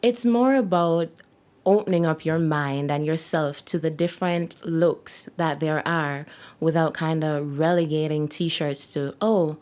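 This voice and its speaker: Low-voiced Jamaican woman, chatty. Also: fairly even intonation, measured pace, darkish tone. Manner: chatty, laughs often, many fillers. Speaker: guest, clothing designer. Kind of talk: casual interview.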